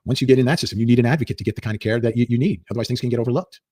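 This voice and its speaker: Fast-talking husky man, emphatic commentator. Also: mid-range voice, darkish tone, no room sound, clean studio sound. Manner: earnest, emphatic, repeats points for stress. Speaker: legal commentator. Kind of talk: clip of commentary played in a stream.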